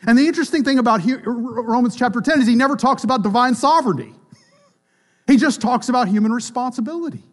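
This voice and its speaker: Man preaching a sermon, high voice, emphatic, loud then hushed, church. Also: fast talker. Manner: emphatic, rises and drops sharply in pitch and volume. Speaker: pastor.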